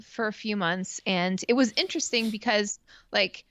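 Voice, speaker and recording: A woman's voice: medium pitch, normal speed, a bit bright, no echo. A woman from Canada telling a long personal story in casual chat, rambling with lots of fillers and swearing freely. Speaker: stream co-host.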